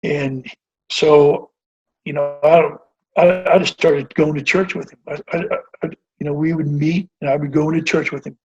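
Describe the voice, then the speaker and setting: A man's voice: on the high side, fairly even intonation, moderate pace, slightly rough. A middle-aged man, a basketball coach, telling stories in a casual interview, earnest and rambling with lots of fillers and restarts. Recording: dull lo-fi audio.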